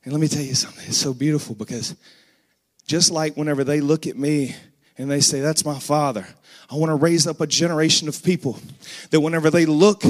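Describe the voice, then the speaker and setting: A man's voice: fairly high pitch, fairly even intonation, quick pace. A man in his thirties preaching a sermon, telling a family story earnestly and rising into emphatic bursts.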